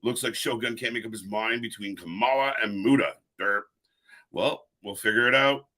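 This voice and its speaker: A man's voice: lowish voice, moderate pace, sharp tone. A man hosting a live wrestling watch-along stream, chatting casually and greeting viewers in the chat by name.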